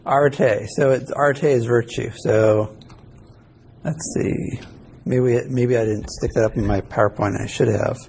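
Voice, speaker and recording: A man's voice: mid-range voice, steady tone, measured pace, creaky, a little mellow. A male ethics instructor giving a casual, rambling classroom lecture that he records live as a podcast. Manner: casual, rambling, self-correcting.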